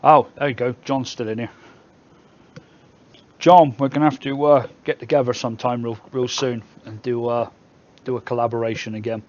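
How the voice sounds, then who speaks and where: A man's voice: mid-range voice, little pitch movement, moderate pace, darkish tone, dull audio. Chatty man with a Somerset English accent. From England. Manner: chatty, reads viewer comments aloud, joking banter. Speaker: live stream host. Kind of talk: casual live stream chat.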